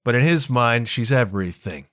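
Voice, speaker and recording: Podcast guy, mid voice, retelling a play all animated and emphatic, dry close sound. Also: medium pitch, moderate pace, no echo. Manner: animated, emphatic storytelling with casual slang. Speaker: podcast host. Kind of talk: casual solo monologue retelling a play.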